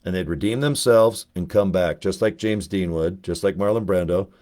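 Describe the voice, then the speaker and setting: Low-voiced man telling rambling stories. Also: normal speed. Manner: rambling, animated, jumps between anecdotes. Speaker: network marketer. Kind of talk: casual storytelling to camera.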